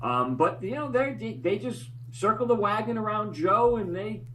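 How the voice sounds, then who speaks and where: A man's voice: sits high, animated, normal speed, sharp tone, slight background noise, rough recording. A man appearing as a guest in casual chat, talking hesitantly, with many fillers and restarts.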